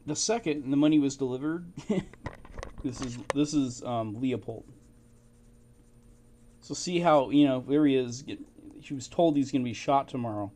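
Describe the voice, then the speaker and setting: A man with a middle-pitched voice works through old documents, thinking out loud at a casual pace. He speaks haltingly, with fillers and short laughs. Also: a little hiss or hum. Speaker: amateur history researcher. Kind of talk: casual commentary reading documents.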